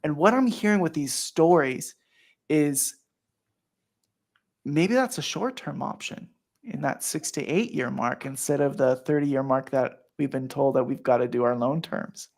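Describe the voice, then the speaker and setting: A man's voice: mid-range voice, a little slow, vocal fry, a little mellow. A man hosting a casual podcast chat, earnest and emotional, with many fillers and restarts. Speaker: host.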